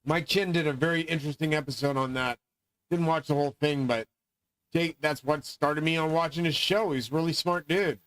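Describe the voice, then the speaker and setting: A man's voice: on the high side, brisk, a bit bright, dry recording, poor audio. A middle-aged man delivering a rambling, profane, grandiose monologue as host of his own channel.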